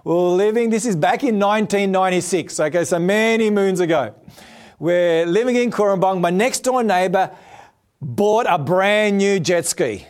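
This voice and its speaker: A middle-aged man, a pastor telling a lively personal story in a sermon before turning to prayer. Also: moderate pace. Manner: animated storyteller, voices quotes with big pitch jumps.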